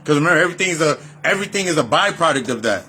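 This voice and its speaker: This life coach and spiritual reader talks loosely and profanely about spirit, stringing run-on sentences together and hammering phrases through repetition in a freewheeling monologue. Pitched on the high side, his bright, forceful voice races along expressively, with a little hiss or hum in the recording.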